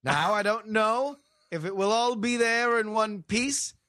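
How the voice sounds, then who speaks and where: Guy putting on a stuffy british detective, way high voice, bright and sharp, lots of uh's. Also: dry recording, clean studio sound. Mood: grandly certain. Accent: put-on British. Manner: formal, long-winded, halting with many "uh"s. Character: pompous British male detective, the Weasel. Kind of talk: improvised comedy role-play.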